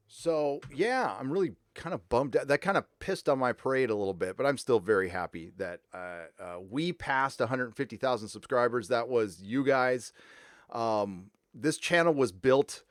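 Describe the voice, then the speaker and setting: A man's voice: mid-range voice, dry recording, clean studio sound. Casual man hosting a live stream. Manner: rambling, reads donor messages aloud.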